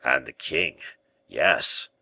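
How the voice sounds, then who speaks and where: A man's voice: extremely low pitch, very slow, bright, forceful tone, husky, voice pushed down, exaggerated voice. A man voicing a frightened, flustered prison governor in an audiobook, his lines full of panicked exclamations. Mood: anxious. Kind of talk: audiobook character reading.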